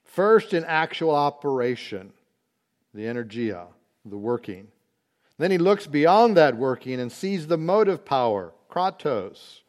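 A man teaching a Bible study, explaining word meanings slowly and deliberately, with occasional fillers. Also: fairly high pitch, very animated.

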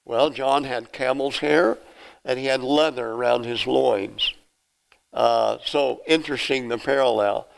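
A man's voice: mid-range voice, unhurried, gravelly, poor audio. Man preaching verse by verse. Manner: reads scripture aloud and explains it verse by verse; acts out the questioners' lines in a raised voice. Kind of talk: expository sermon.

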